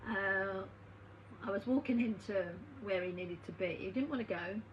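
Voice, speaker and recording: A medium and healer tells a story in a chatty monologue, acting out the dialogue as she goes. Her mid-range voice moves at normal speed, and the audio is dull and noisy, with a hum in the background.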